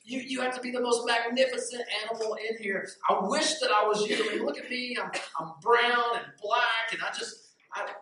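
An envious little male crow, as a preacher puts him on, his voice pitched up high as he pours out pleading flattery. The sound carries through a very echoey room, picked up from a distance with a faint hiss behind it. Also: lightly acted. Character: envious, gushing male crow, small, wishing to be others.

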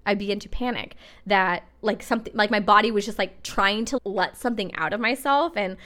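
A woman's voice: medium pitch, a little fast, fairly bright tone. Young female podcast host, casual solo monologue, earnest and chatty. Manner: chatty, earnest, fillers like "like" and "literally".

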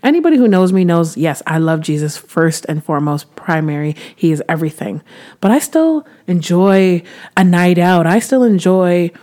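A woman's voice: lowish voice, animated, normal speed, mellow. A woman in her thirties giving a casual devotional talk to camera. She sounds earnest and chatty, with frequent restarts and sudden bursts of preacher-like emphasis. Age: 30s. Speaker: Christian vlogger sharing devotional encouragement.

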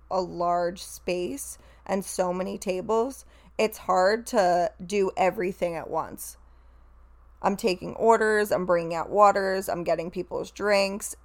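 Frank, fast-talking young woman telling a story. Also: mid-range voice. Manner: animated, frank, swears freely, quotes others. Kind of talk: casual storytime.

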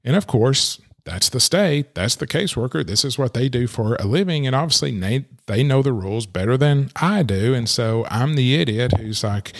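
A man's voice: mid-range voice, animated, moderate pace, hardly any pauses. A middle-aged man, an attorney and coach, talking through cases in a casual podcast monologue and checking in with "okay.". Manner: conversational, repeats "okay" to check in; acts out quoted callers and caseworkers. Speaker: elder law coach and attorney.

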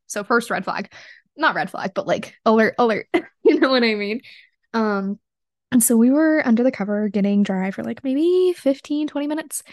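A woman's voice: fairly high pitch, a little mellow, no echo, clean studio sound. A young woman hosting a podcast, telling a story in a bubbly, chatty way, full of fillers and frequent laughter. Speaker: podcast host. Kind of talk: casual storytelling monologue.

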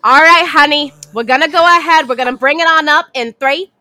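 A woman's voice: a little high, expressive, normal speed, sharp tone. A woman putting on the voice of her doting grandmother while coaching a treadmill workout, dropping Yiddish words and calling everyone honey. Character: doting older grandma, fussing and cheerful.

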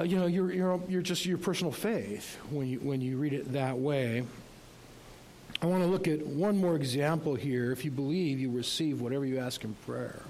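A man's voice: a little high, a little mellow, poor audio. Conversational male pastor preaching. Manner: conversational, rhetorical questions, light humor. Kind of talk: sermon.

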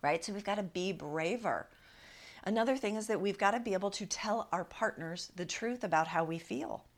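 A woman's voice: mid-range voice, moderate pace. A woman hosting an advice podcast as a relationship coach, talking in a direct, encouraging way and often checking in with listeners.

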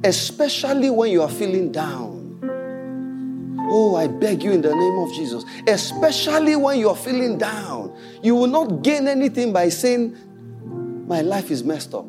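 A male pastor preaching with a high, lively voice that leaps up and down in pitch. He mimics people playfully and drives his declarations home with repetition. Music plays clearly behind him. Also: moderate pace. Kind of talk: sermon.

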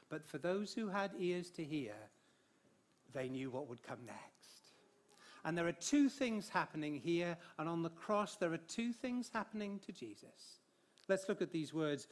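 Preacher, male, high voice, expressive sermon delivery that swells on key phrases. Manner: light humor with the congregation, sings hymn lines.

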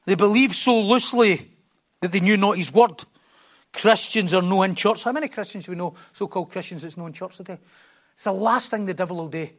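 A high-pitched man preaches from a church platform. He drops to quiet asides, then rises into loud, emphatic bursts, with passion in every line. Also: a little fast. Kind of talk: sermon.

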